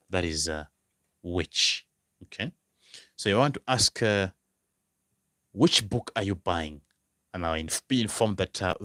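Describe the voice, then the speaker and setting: A man tutoring a language lesson, slowly repeating each phrase word by word. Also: deep voice, pushed and bright, no room sound, studio quality. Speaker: German tutor.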